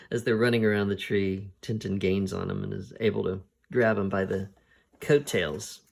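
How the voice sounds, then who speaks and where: A man with a low, gravelly voice talks through a story at an easy, unhurried pace. He pauses often as he thinks aloud, and his tone stays husky throughout. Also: steady tone. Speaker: podcast host reviewing comics. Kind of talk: casual spoken retelling of a story.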